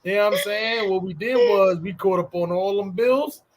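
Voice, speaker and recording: Casual male podcast co-host, a bit high-pitched, loose and rambling. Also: normal speed, crowd noise. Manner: loose and conversational, fills with "you know what I'm saying". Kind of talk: casual chat.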